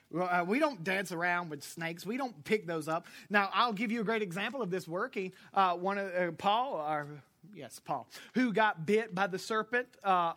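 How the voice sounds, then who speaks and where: A man's voice: high voice, sharp tone. A man preaching a sermon to his congregation in a church, quizzing the listeners and chuckling at his own jokes. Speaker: pastor. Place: church service before a congregation.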